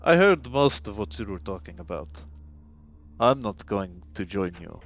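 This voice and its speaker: A man puts on a tired, gruff older doctor in a lowered voice, grim and clipped, for a tabletop game. The recording is muffled and lo-fi. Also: very animated, normal speed. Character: weary older male back-alley doctor, gruff. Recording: muffled lo-fi mic.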